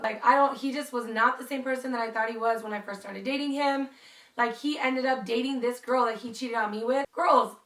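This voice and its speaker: A young woman telling a personal story in a chatty, animated way with lots of "like". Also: a little high, roomy sound, far from the mic. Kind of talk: casual storytime vlog.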